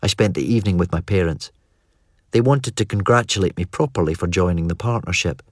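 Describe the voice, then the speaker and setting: A man narrating an audiobook in a measured, wry storytelling manner. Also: low-pitched, no echo, clean studio sound. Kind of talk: scripted narration.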